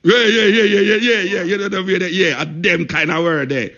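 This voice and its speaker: A man's voice: high voice, steady tone, a little fast, sharp tone, lo-fi sound. A man with a Jamaican accent hosting a radio talk show, speaking emphatically, repeating points and saying "you know" often.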